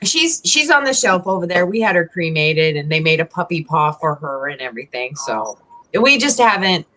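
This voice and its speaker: A woman's voice: deep voice, sing-song, normal speed, fairly bright tone, a little hiss or hum, rough recording. Woman telling a story on a video call. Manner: storytelling, acts out voices in quotes. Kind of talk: casual chat.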